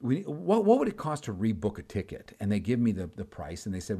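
A man recounts a personal story with a lively, rising and falling pitch. He drops to a hush for the narration and climbs to near shouting when he acts out the scenes. The delivery is animated and conversational. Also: a little fast, few pauses, breathy edge. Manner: animated, swings from hushed to shouting while acting out scenes.

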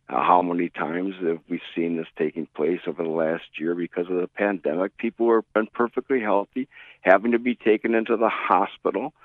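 A man's voice: sits low, no echo. A middle-aged man preaching a radio sermon, telling stories and acting out the voices of the people in them. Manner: storytelling, acts out quoted voices. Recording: tinny phone-like radio broadcast.

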